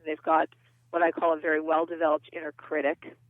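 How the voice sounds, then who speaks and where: A woman's voice: low-pitched, completely flat delivery, fairly quick, no echo. A woman therapist and author, explaining earnestly as a guest in a phone interview. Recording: tinny dry phone line.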